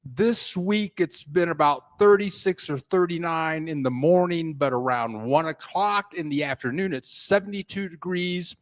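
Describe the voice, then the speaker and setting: A man hosting a casual live stream, greeting viewers by name with playful, folksy shout-outs. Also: on the high side, unhurried. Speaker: host of a live stream about living abroad. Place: home in a Mexican city.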